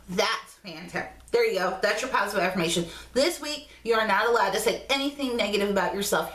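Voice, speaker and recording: A woman's voice: mid-range voice, fairly bright tone. Chatty woman vlogger in an echoey room. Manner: chatty and affectionate, coos at her dog in baby talk. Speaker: vlog host. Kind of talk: casual motivational vlog.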